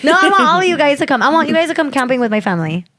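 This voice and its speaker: Young woman cohost, kinda high voice, jokey short replies. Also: big pitch swings, very fast, a crowd in the background. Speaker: podcast co-host. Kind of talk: casual chat.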